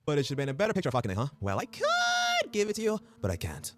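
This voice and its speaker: A shady cameraman with a British accent , played by a man, who talks quickly in a high, wildly swooping voice and wheedles over the price of his footage. The fan-made parody clip plays with music underneath. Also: huge pitch swings, fairly bright tone, exaggerated voice. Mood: scheming. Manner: sly, haggling. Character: shady fast-talking male cameraman selling footage. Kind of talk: fan abridged parody acting.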